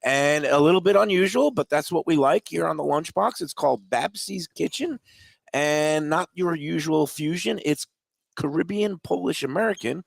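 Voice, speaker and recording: A hoarse man with a gravelly, creaky voice hosts a casual talk show live from a brewery. He rambles and restarts with plenty of fillers. The sound is dry and close. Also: fairly high pitch, moderate pace, no echo. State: hoarse from a chest cold. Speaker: radio show host. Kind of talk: casual on-air chat. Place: live remote broadcast at a brewery.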